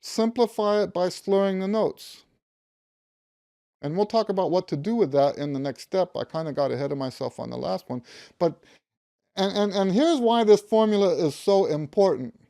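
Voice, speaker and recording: Emphatic mellow-voiced male music teacher. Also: high voice, moderate pace, creaky. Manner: emphatic, repeats key words, hums note syllables. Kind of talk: instructional talk to camera.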